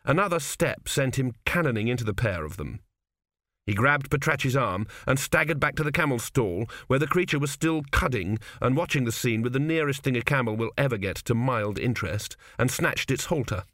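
A man's voice: medium pitch, animated, brisk, a bit bright, no room sound, studio quality. Man reading a comic novel aloud. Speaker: audiobook narrator. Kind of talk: scripted comic narration.

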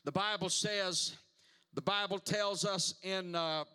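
High, bright-voiced preaching man. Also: fairly even intonation, slow, smooth. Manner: emphatic preaching, repeats words and calls for responses. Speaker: pastor. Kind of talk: sermon.

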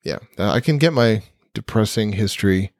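With a lowish, slightly mellow voice, a man co-hosting a podcast talks animatedly at a normal speed, bantering in a playful, teasing way. The studio sound is clean, with no room sound.

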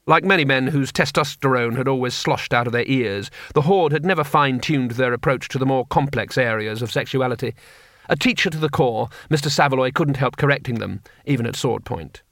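A man reading an audiobook in a measured, wry style on a close studio mic. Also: medium pitch, a bit bright, dry recording. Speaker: audiobook reader. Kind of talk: scripted narration.

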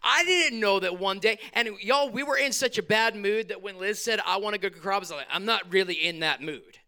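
High, bright-voiced pastor preaching. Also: male voice, fast. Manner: animated, conversational preaching, acts out prayers and quotes. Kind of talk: sermon. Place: church sanctuary.

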